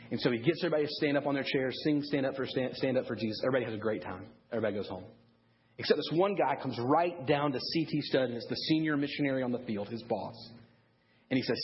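A man preaching a sermon to parents, telling a story in a lively way and acting out the people he quotes. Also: mid-range voice, fast, dull audio. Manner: animated storyteller, acts out quoted voices. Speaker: pastor.

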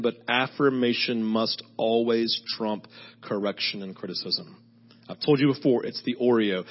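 A man's voice: medium pitch, fairly even intonation, normal speed. A middle-aged male pastor giving a chatty sermon, telling stories and often asking "right?". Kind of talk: conversational sermon. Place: church service. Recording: dull lo-fi sermon audio.

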